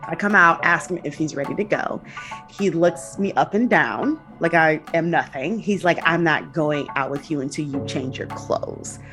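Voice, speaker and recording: Young woman, fairly low voice, chatty and animated, acts out what people said, music faint under it. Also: moderate pace. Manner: animated, acts out quotes with laughs and swearing. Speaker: guest. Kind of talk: casual storytelling.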